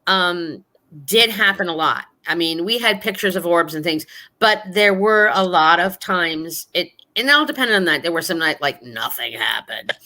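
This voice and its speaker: Bright-voiced woman telling ghost stories. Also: fairly low pitch, moderate pace. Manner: rambling, filler-heavy, earnest. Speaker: guest storyteller. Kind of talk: casual ghost-story telling.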